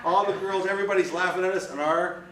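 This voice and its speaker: A man's voice: high-pitched, steady tone, fast talker, a bit bright, slight background noise. Male club speaker, punchy storyteller, echoey room from far off. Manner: punchy and emphatic with repeated phrases. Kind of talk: motivational speech with storytelling. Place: meeting room.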